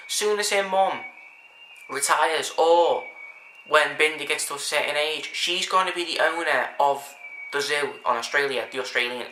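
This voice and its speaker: A man's voice: fairly high pitch, pushed and bright. Earnest rambling guy, echoey room. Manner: rambling, earnest, many restarts and asides. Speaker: vlogger. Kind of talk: casual monologue to camera. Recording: echoey room with faint background hiss.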